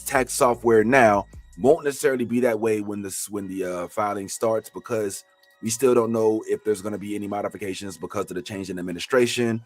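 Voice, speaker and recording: Animated male tax trainer. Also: on the low side, a little fast, soft background music. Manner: animated, joking, preacher-like outbursts. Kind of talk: classroom training.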